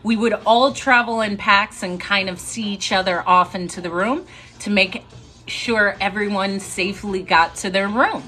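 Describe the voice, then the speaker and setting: A young woman casually telling a story to a live audience, chatty and animated and laughing now and then. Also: medium pitch, normal speed.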